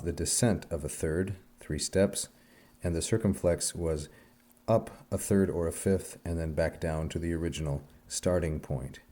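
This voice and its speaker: Deep-voiced man teaching Greek, measured and methodical. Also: mellow. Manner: measured, methodical, drills word endings aloud. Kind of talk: recorded language lesson.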